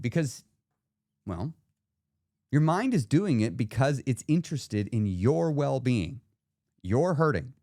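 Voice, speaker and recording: A man's voice: mid-range voice, sing-song, takes it slowly, pauses often, warm tone, no room sound, studio quality. A man in his forties hosting a solo podcast as a weight-loss coach, explaining ideas to the listener in a conversational way.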